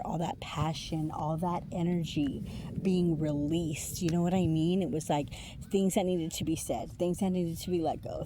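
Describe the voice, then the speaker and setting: A woman's voice: lowish voice, background noise. A woman giving a casual tarot reading, chatty and laughing often, swearing freely between many fillers. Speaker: intuitive tarot reader.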